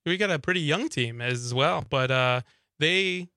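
A man's voice: a little high, a little slow, bright, forceful tone, no echo. A man co-hosting a radio talk show in a studio, telling a story in a chatty way and laughing often. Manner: chatty storyteller, laughs often, acts out his own thoughts. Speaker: radio co-host. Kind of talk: casual radio chat.

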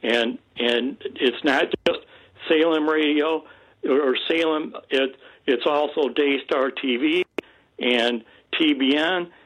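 A man's voice: on the high side, fairly bright tone, low-quality recording. Guy calling into a radio show, keeps restarting his sentences. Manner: halting, with repeated restarts. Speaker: caller. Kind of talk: radio call-in talk.

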